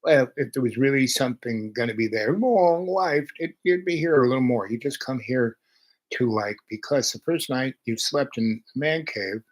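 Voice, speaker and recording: A man's voice: mid-range voice, animated, moderate pace, rough recording. A man in his seventies telling rambling personal stories in a chatty, meandering way. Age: 70s. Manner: meandering, chatty, jumps between thoughts. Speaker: channel host.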